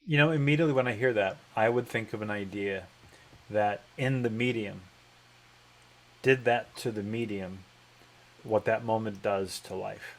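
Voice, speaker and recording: A man's voice: on the low side, moderate pace. A man hosting an interview, probing his guest with pointed follow-up questions. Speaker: host. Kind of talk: conversational interview.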